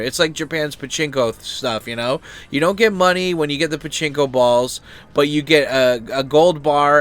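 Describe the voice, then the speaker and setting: This channel host has a medium-pitched, slightly bright voice. He chats casually about his opinions in a loose, rambling style, packed with fillers, restarts and swearing.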